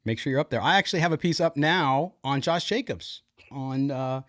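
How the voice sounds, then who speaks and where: A man's voice: medium pitch, normal speed, fairly bright tone, no room sound, clean studio sound. A man hosting a sports podcast in casual talk, full of asides.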